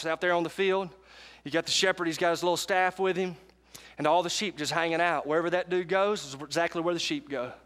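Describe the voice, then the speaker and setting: A man's voice: on the high side, a bit bright. A man preaching a sermon to a live congregation, emphatic and often calling for responses. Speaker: pastor. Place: church sanctuary with live congregation.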